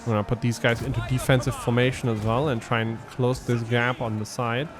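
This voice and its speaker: A man's voice: medium pitch, level tone, brisk, music in the background. A man giving casual gameplay commentary as a let's play host, thinking aloud and explaining his tactics with frequent ums.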